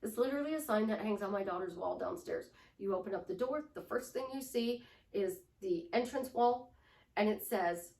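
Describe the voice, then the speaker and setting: A middle-aged woman life coach giving a lively coaching talk, acting out affirmations in shifting tones. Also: medium pitch, normal speed, gravelly. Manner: animated, acts out affirmations in different tones. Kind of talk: coaching monologue. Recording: roomy sound from a distant mic.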